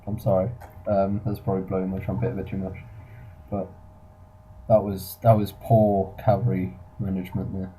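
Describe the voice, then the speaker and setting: A man's voice: low-pitched, little pitch movement, normal speed, dark tone, a little hiss or hum, low-quality recording. A man giving casual commentary on a strategy game battle, rambling and correcting himself as he thinks aloud. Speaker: gameplay reviewer and commentator. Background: music.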